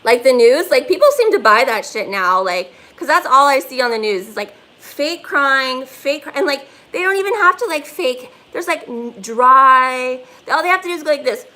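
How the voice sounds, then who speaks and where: Broadcasting a laid-back livestream from her phone, this female host rambles and curses, dropping "like" constantly. Her high voice has lively intonation and a bright, forceful tone, moving at normal speed with few pauses on a low-quality recording.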